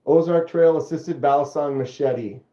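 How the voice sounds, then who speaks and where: A man runs a knife channel livestream, reading viewer comments aloud with casual jokes and frequent fits of giggling. His fairly high voice keeps a normal speed with a dark tone, in reverberant, lo-fi sound.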